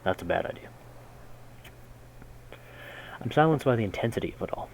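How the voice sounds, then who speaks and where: A man reading a game's story text aloud in a measured way, breaking in with casual, slangy jokes as a gaming host. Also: medium pitch, lively intonation, gravelly, poor audio. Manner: measured narration broken by casual slangy comments. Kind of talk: reading game text aloud with jokey asides.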